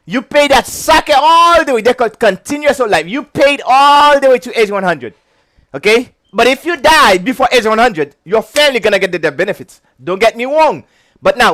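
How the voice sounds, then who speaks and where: Man, very high voice, animated pitch, casual chatty lecture. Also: no echo. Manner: chatty, keeps checking "okay?", breaks into giggles. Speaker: insurance licensing instructor.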